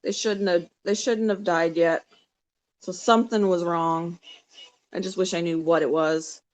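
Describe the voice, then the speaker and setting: A middle-aged woman chatting casually with viewers while she works on a craft, softly rambling and talking to herself. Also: on the low side, steady tone, unhurried. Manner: soft, rambling, talks to herself while working. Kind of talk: casual live-stream chat.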